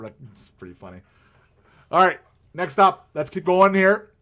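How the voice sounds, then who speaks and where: A man's voice: high-pitched, big pitch swings, moderate pace, pauses often, sharp tone. A man hosting a live stream, chatting casually about hockey in a rambling way with many fillers and restarts.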